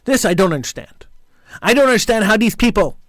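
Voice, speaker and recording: A man's voice: high voice, animated, fairly quick, a bit bright, no room sound, clean studio sound. A man hosting a call-in talk radio show, delivering an impassioned, indignant monologue and repeating phrases for emphasis.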